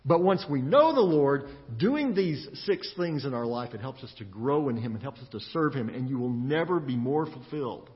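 A man preaching a sermon as pastor, animated, laughing now and then. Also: mid-range voice, moderate pace, hardly any pauses. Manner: animated preaching with laughs and acted-out inner voices. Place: church sanctuary. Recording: echoey church hall, dull lo-fi.

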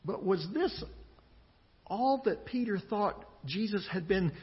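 A man's voice: sits high, lively intonation, takes it slowly, long reverb tail, lo-fi sound. A male pastor preaching a sermon in a conversational way, often repeating words as he goes. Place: church sanctuary.

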